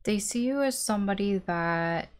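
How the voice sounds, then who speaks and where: A woman's voice: medium pitch, lively intonation, normal speed, smooth. A woman with a mid-range voice talks through a tarot reading in a loose, conversational way. She is frank and chatty, laughs easily, and lets the odd swear word slip. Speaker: tarot reader.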